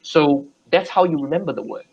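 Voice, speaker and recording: A man's voice: on the high side, lively intonation, fairly quick, muffled recording, crowd noise. A man tutoring English over a video call, explaining patiently with examples and frequent restarts. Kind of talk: casual video call lesson.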